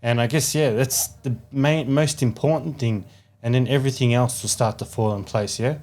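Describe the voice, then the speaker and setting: A man's voice: mid-range voice, steady tone, normal speed, darkish tone, faint music behind. A man from Australia hosting a podcast, mostly giving short agreeing replies in a casual interview. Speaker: podcast host.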